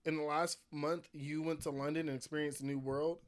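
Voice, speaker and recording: A young man co-hosting a podcast in casual chat, playful and quick to laugh, talking straight to his viewers. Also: fairly high pitch, flat delivery. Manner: playful, laughs often, addresses viewers directly. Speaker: podcast co-host.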